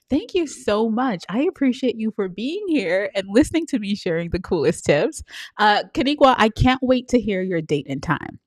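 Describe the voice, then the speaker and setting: A woman's voice: medium pitch, animated, normal speed, no room sound, studio quality. A woman hosting a live stream, chatting with viewers and greeting them by name with sing-song hellos and frequent laughs. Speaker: livestream host and coach. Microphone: live-stream setup.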